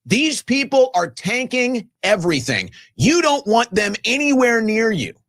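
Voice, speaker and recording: High-pitched man ranting sarcastically. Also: big pitch swings, measured pace, no room sound. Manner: sarcastic, mocking, shouting at times. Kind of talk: heated political rant.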